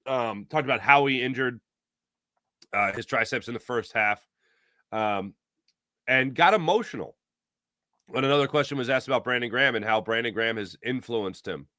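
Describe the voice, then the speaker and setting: A man hosting a casual sports talk show, rambling and animated, acting out imagined quotes. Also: medium pitch, moderate pace, pauses often, dry recording, studio quality.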